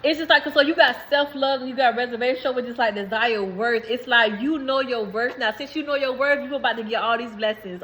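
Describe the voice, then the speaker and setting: A woman's voice: on the high side, brisk, hardly any pauses, a bit bright, low-quality recording. A woman in giving a rambling, emphatic spiritual message to viewers, swearing freely. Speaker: spiritual reader.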